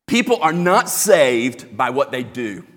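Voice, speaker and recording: Animated preacher in a reverberant hall. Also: male voice, medium pitch, takes it slowly. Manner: animated preaching with emphatic repetition. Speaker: pastor. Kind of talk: sermon.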